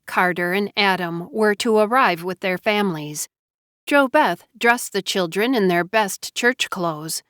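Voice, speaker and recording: A woman narrating a novel with even, unhurried storytelling. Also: mid-range voice, smooth, no echo, studio quality. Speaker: audiobook narrator. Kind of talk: scripted narration.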